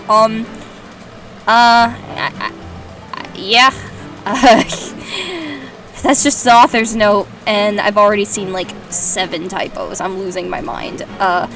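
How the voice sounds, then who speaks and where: A woman's voice: medium pitch, fairly bright tone. Giggly, sarcastic Irish woman. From Ireland. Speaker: host. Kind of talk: casual commentary while reading fanfiction aloud.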